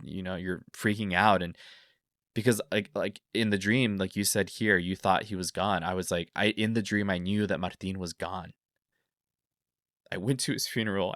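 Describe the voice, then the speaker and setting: Very deep-voiced rambling man host. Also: fairly bright tone, dry recording, clean studio sound. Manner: rambling, filler-heavy, openly emotional. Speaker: podcast host. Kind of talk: casual podcast chat, reading listener stories.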